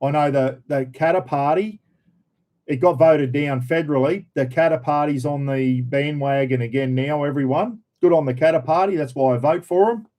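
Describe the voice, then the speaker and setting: A man's voice: fairly high pitch, normal speed, a little mellow, low-quality recording. A man with an Australian accent, casually chatting on a livestream and answering viewer comments in a blunt, opinionated and slangy way. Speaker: livestream host.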